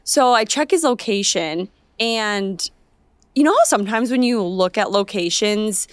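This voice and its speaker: Young female podcast co-host, lively storyteller, dry close mic. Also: medium pitch, a little slow, no room sound. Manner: animated storytelling, acts out her own quoted lines. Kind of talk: casual chat.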